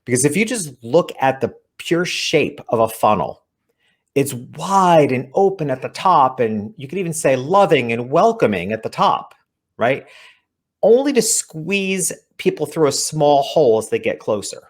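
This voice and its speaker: A man's voice: fairly high pitch, very animated, measured pace. Earnest man explaining his ideas. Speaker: author guest. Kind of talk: interview conversation.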